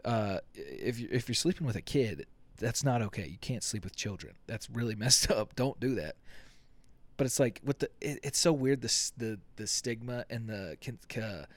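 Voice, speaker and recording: A man's voice: mid-range voice, expressive, normal speed, no echo. Profane rambling podcast guy, dry mic. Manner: profane, rambling, jokey with acted-out quotes. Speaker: podcast host. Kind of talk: casual solo podcast rant.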